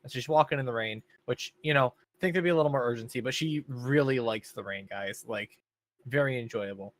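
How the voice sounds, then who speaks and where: A young man chats casually on a podcast, recapping a show in a loose, rambling way. His voice sits at an ordinary middle pitch, and he fills his pauses with ums and likes. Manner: laid-back, rambling recap with many fillers. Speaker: podcast co-host. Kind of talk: casual chat.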